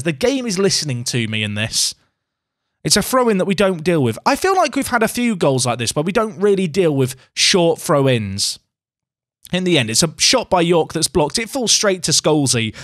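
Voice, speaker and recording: A man's voice: on the high side, fairly bright tone, no room sound, clean studio sound. A young man giving casual, self-mocking commentary on a game he is playing and talking back to it. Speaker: gaming YouTuber.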